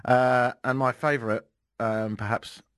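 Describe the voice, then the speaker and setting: Brief: British man, radio host, sarcastic banter, average pitch, dead-dry studio sound. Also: flat delivery, a little slow, a bit bright, smooth, no room sound. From Britain. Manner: joking, sarcastic, laughs often. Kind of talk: casual talk radio chat.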